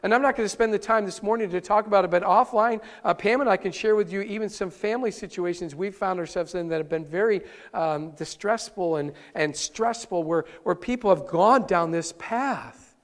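High-pitched preaching man, reverberant hall. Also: moderate pace, few pauses. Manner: earnest, animated preaching with frequent restarts. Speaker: pastor. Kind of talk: sermon. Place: church sanctuary, live-streamed service.

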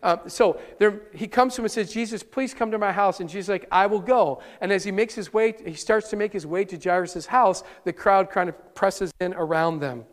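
A male pastor preaching a sermon live, earnest and animated, often restarting his words. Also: high-pitched, a little fast, few pauses, long reverb tail. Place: church sanctuary, live-streamed service.

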